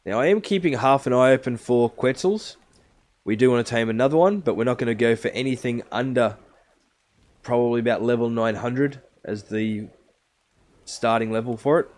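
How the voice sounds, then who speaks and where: A man streams a survival game live, chatting casually and explaining each step to his viewers. His voice is mid-range with a darkish tone, and he speaks at a normal speed.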